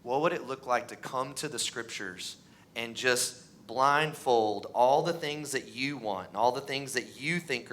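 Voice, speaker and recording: A pastor in his thirties preaching a sermon in a church, animated and acting out the voices of the people in his stories. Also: a little hiss or hum. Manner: animated, acts out voices, pitch rises on mocking lines. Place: church sanctuary.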